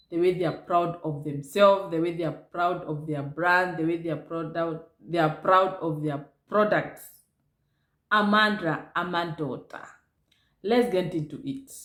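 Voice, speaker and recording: Upbeat male vlog host, casual, recorded with room echo. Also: on the high side. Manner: upbeat, greets viewers warmly. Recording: roomy echo.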